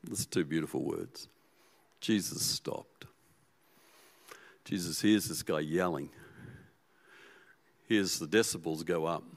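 A man preaching a sermon as pastor, telling the story with animation and swinging from loud to hushed. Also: low-pitched, normal speed, long pauses.

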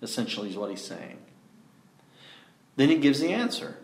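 A man preaching a sermon, emphatic, often asking rhetorical questions and slowing down to stress key words. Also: medium pitch, big pitch swings, a little mellow, reverberant.

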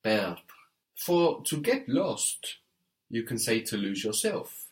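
A man's voice: mid-range voice, sing-song, slow pace. A man giving a one-on-one French lesson, patiently prompting and correcting step by step. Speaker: French teacher.

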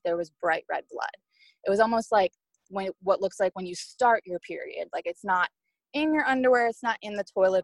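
Young woman, low gravelly voice, dry close sound, candid personal storytelling. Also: dry recording. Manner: candid, emotional retelling with quoted speech. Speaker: podcast guest.

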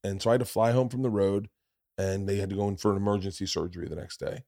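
Animated profane male storyteller. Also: fairly low pitch, quick pace, no room sound, studio quality. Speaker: podcast host, comedian. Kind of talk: casual storytelling chat.

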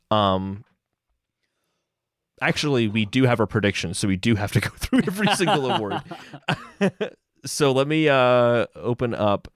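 A man hosting a casual podcast chat, relaxed and laughing easily. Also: medium pitch, no echo, clean studio sound. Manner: relaxed, easy laughs, hedging fillers. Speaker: podcast host.

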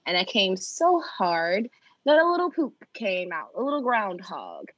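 A young adult woman hosting a podcast, telling a personal story in a candid, animated way with laughter. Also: mid-range voice, a little slow, slightly rough, dry recording, muffled recording. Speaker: podcast host. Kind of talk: casual storytelling chat.

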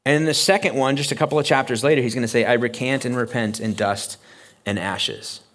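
A man's voice: medium pitch, steady tone, a little fast, a bit bright. A man preaching a sermon with a mid-range voice. He talks in an easy, conversational way and acts out the lines he quotes. He speaks from a church. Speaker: pastor.

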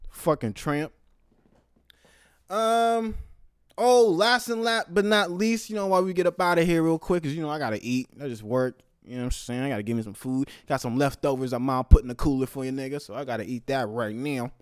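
A young man giving casual, heated commentary, profane and swinging between loud outbursts and low muttered asides. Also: brisk, clean tone, dry recording, studio quality.

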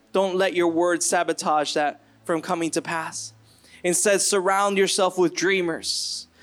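A man's voice: high-pitched, fairly bright tone. A man preaching a sermon to his church, earnest and building to impassioned bursts. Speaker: pastor.

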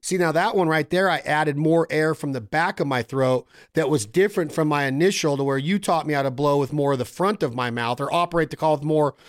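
Guy hosting a hunting chat show, talks eager and fast, slightly high voice, does little imitations. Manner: enthusiastic, imitates calls and singers mid-talk. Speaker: podcast host. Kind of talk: casual technical chat.

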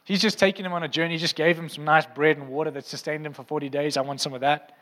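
A man's voice: a little high, little pitch movement, fast talker, fairly bright tone, big-room sound. A male preacher giving a conversational sermon who keeps checking in with the congregation. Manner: conversational, asks the crowd often. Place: church hall.

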